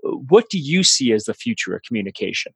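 A man hosting a podcast interview, polite and a little halting as he asks his questions. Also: medium pitch, big pitch swings, creaky, husky, dry recording. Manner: polite, measured, halting with fillers. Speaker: podcast host.

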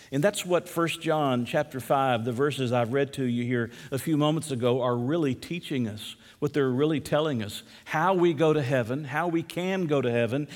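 A man's voice: mid-range voice, a little mellow, big-room sound. A male pastor preaching a sermon, opening in prayer, telling light stories and teaching through scripture verse by verse. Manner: prayerful, then storytelling and teaching.

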